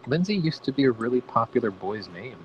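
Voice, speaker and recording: A man's voice: mid-range voice, very animated, brisk, lo-fi sound, slight background noise. A man co-hosting a casual show, telling rambling, profane stories. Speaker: co-host. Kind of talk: casual chat.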